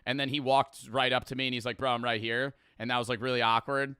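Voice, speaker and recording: A man's voice: medium pitch, level tone, fast, bright, forceful tone, clean tone, no echo, clean studio sound. A man in his twenties, a streamer casually reacting to clips, rambling, swearing and laughing as he tells stories.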